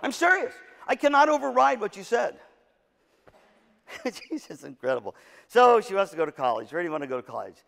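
A man's voice: high-pitched, big pitch swings, fairly quick, vocal fry, fairly bright tone. A man giving a humorous, story-driven keynote talk to music teachers, joking and self-deprecating, recorded in a large conference hall. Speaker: keynote speaker to band directors. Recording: long reverb of a large hall.

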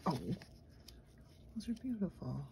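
Woman, low voice, lively pitch, chatty unboxing talk, background hiss. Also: a little slow, creaky. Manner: chatty, gushing, murmurs asides softly. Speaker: nail art vlogger. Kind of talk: casual unboxing narration. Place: home nail studio desk.

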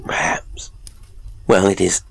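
A man voicing a skeptical priest who answers calmly and with gentle obstinacy. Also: slow, no room sound, close to an everyday voice. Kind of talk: audiobook character voice.

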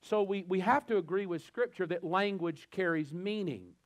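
A man with a Southern American accent preaching a sermon as a pastor, animated and repeating words as he builds a thought. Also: sits high, moderate pace, no echo. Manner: animated, acts out little scenes and voices. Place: church.

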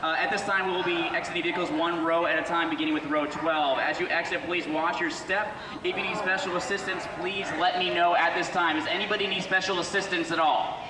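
A man with a slightly raised voice makes a calm, procedural announcement inside an indoor theme park ride. He is caught from far off on a phone video, with echoey, long reverb and loud ambient noise all around. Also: sits high, brisk, few pauses. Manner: calm, procedural, with a brief laugh. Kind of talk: public announcement.

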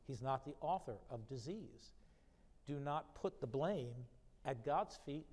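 A man's voice: medium pitch, lively intonation, measured pace, darkish tone. A man preaching a sermon, reading scripture aloud with rising emphasis and then explaining it in a conversational way. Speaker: pastor. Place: church sanctuary. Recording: long church reverb.

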